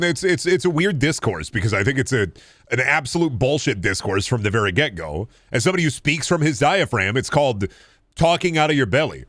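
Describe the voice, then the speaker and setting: A man with a deep voice streaming a game, chatting casually and swearing through quick asides, close to a studio microphone. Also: a bit bright, dry recording. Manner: chatty, profane, quick asides while playing. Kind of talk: casual gaming stream chat.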